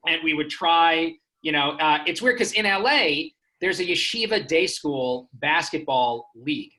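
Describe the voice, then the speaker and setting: A man's voice: fairly high pitch, expressive, a little slow, pushed and bright, poor audio. A man from Houston, Texas doing a stand-up comedy set with self-deprecating storytelling. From Houston, Texas, United States. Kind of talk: stand-up comedy on a remote stream.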